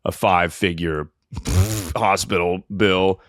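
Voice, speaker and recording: A man with a fairly low voice tells rambling, self-mocking stories on a comedy podcast, swearing freely as he goes. His voice is recorded close and dry, with no room sound. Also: steady tone, takes it slowly, a bit bright, no echo. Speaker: podcast host. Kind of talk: casual comedic storytelling.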